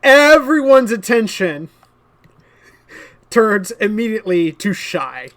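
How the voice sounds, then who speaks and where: A game master narrating a tabletop game in a relaxed way, often breaking into laughter. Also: medium pitch, takes it slowly.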